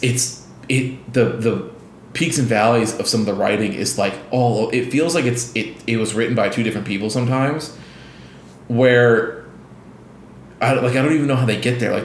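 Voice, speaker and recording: Man, casual podcast co-host, rambling, animated retellings, echoey room. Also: lowish voice, slight background noise. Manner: rambling, many restarts and fillers, animated retellings. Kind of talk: casual gaming podcast chat.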